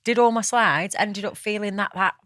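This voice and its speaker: A woman's voice: mid-range voice, normal speed, no room sound. A woman co-hosting a podcast, telling stories in casual chat and acting out conversations, recorded in a studio. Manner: animated storytelling, acts out conversations. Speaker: podcast co-host.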